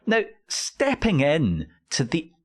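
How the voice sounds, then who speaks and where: A man's voice: fairly high pitch, huge pitch swings, slow. Sardonic, sweary man ranting. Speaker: comedy news host. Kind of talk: comedic news rant.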